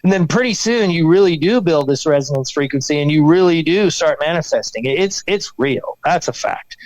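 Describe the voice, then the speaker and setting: Guy rambling on a podcast, kinda high voice, acts stuff out, dry close mic. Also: a little fast, dry recording, low-quality recording. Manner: animated, rambling storyteller who acts out sounds and quotes. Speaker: podcast guest. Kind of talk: casual podcast conversation.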